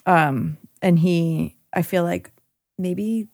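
A woman co-hosting a podcast in casual chat, upbeat and quick to laugh. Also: fairly low pitch, a little mellow, dry recording, clean studio sound. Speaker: podcast co-host.

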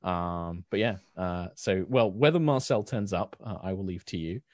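A man narrating as dungeon master in a tabletop game, animated and casual with lots of filler words. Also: low-pitched, normal speed, no echo.

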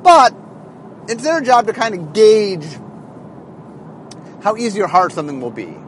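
A head designer talks through a rambling, casual monologue full of fillers and restarts. His voice is high and very animated. Clear car road noise runs beneath him. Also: measured pace.

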